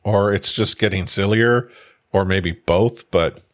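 A young man, a father, chatting casually as a podcast co-host, rambling with many halting restarts. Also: lowish voice. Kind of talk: casual chat.

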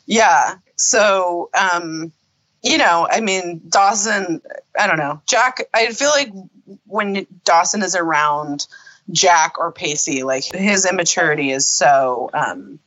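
A woman's voice: on the low side, takes it slowly, a bit bright, no room sound, highs cut off. A woman co-hosting a casual podcast chat about a TV episode, laughing often, swearing freely and filling her talk with fillers. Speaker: podcast co-host.

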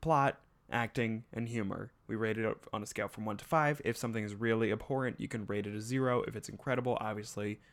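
A young man hosting a podcast, chatting casually with a guest. He drops deadpan jokes in a relaxed, even way. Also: lowish voice, fast talker, few pauses. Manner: joking, deadpan asides. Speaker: podcast host. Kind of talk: casual chat.

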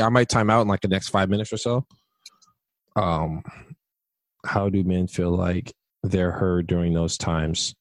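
Hesitant podcast host with a low voice. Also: male voice, no echo. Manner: hesitant, rambling questions. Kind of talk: moderating a podcast discussion.

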